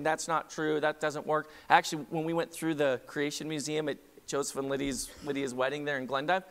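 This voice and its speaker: A man preaches to his congregation in a loose, conversational way, often turning to ask them questions directly. His voice sits a little high for a man. The sound rings out with a long reverb from the church hall around him. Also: fairly bright tone. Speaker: pastor. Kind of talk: sermon. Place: church sanctuary.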